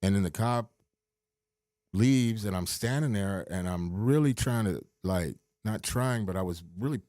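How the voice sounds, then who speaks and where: A man's voice: lowish voice, big pitch swings, unhurried, darkish tone, no echo, studio quality. A middle-aged man hosting a podcast, swearing as he rambles through a personal story with many restarts. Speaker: podcast host.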